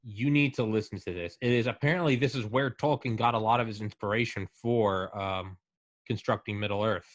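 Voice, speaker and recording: A man in casual chat, talking excitedly and rambling with lots of fillers. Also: on the low side, fairly quick, no room sound.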